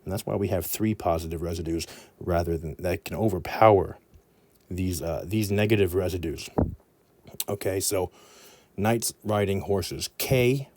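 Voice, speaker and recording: A man teaching with playful, rambling asides. His voice is low-pitched and mellow, with a relaxed, warm tone. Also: a little slow, slight background noise. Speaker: anatomy teacher. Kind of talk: mnemonic lesson.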